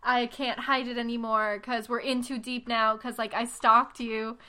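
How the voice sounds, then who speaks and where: Bright sarcastic young woman chatting. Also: on the high side, level tone, normal speed. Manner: sarcastic, exasperated commentary. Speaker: podcast co-host. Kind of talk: casual book discussion chat.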